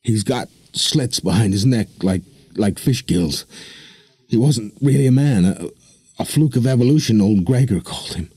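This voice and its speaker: A man's voice: lowish voice, expressive, normal speed, warm tone, slightly rough, no room sound, pitched above the performer's own voice. A man voicing a frightened old village elder who stammers and pleads. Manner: nervous, stammering.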